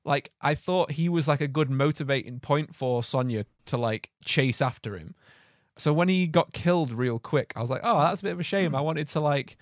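A young man co-hosting a casual film podcast, rambling with lots of fillers and quick laughs. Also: mid-range voice, dry recording, studio quality. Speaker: podcast co-host.

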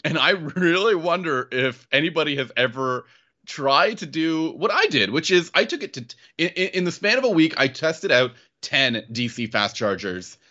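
A man's voice: fairly high pitch, normal speed. A man co-hosting a casual car podcast, talking with lots of fillers and restarts. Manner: animated, hesitant with many fillers and restarts. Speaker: podcast co-host. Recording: dull lo-fi sound.

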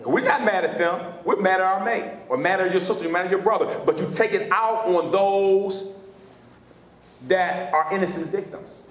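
Man, pastor, sermon, repetitive call-and-response, high voice, very echoey room. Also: normal speed. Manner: preachy call-and-response, repeats phrases. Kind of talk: sermon teaching.

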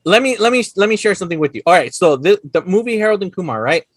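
High-voiced Chicano man, lively and laughing. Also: fast, breathy edge, dry recording. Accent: Chicano English. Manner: laughs often, swears casually, acts out movie lines. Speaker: podcast co-host. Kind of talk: casual chat.

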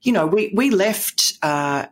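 A woman's voice: lowish voice, animated, slow, slight background noise. A middle-aged Australian woman, a guest in an interview, telling stories in a rambling way with many fillers and restarts. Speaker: guest columnist. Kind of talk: conversational interview.

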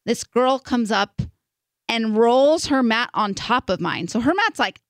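A young woman co-hosting a podcast, telling a story in an animated, casual way with lots of "like". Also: a little high, measured pace, no echo, studio quality. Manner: animated, filler-heavy storytelling with "like". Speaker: podcast co-host.

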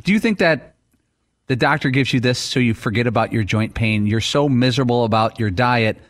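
A man's voice: mid-range voice, a little fast. A male radio co-host in casual chat, teasing and joking with the host.

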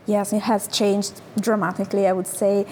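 Hesitant woman guest, mid-pitched. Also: level tone, normal speed, mellow, a little hiss or hum. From Genoa, Italy. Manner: hesitant, many fillers while searching for words. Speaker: food coach, guest. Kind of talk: conversational interview.

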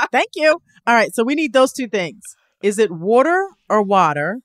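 A woman's voice: a little high, very animated, a little slow, no room sound, studio quality. A woman co-hosting a podcast in casual chat, teasing and playful, laughing often. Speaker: podcast co-host.

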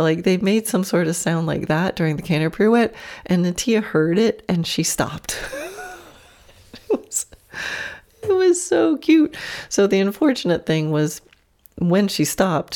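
A woman's voice: lowish voice, a little mellow. A woman hosting a podcast, casually telling a story, laughing often and voicing her horse's imagined thoughts. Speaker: podcast host and horse trainer.

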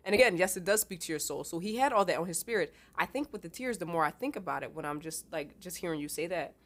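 A woman co-hosting a podcast, talking through a book chapter in a casual, animated, slangy way. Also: fairly low pitch, quick pace. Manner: animated, slangy, retells scenes in quoted voices. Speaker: podcast co-host.

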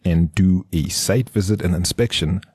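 A man's voice: sits low, darkish tone, husky, no room sound. A man co-hosting a business podcast in a studio, chatting loosely through ad reads and plans with many restarts. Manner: loose, rambling, with restarts and quick laughs. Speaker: podcast co-host, business strategist. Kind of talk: casual podcast chat and ad reads.

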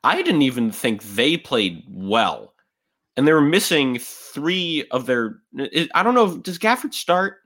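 Man, sports podcast co-host, animated pitch, bright edge, rambling casual chat. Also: unhurried. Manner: animated, rambling with many restarts.

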